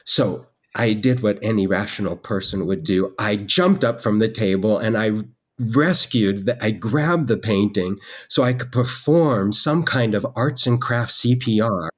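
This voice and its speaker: A man, a guest artist on a podcast, telling an animated, self-deprecating story with frequent restarts. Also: on the low side, measured pace.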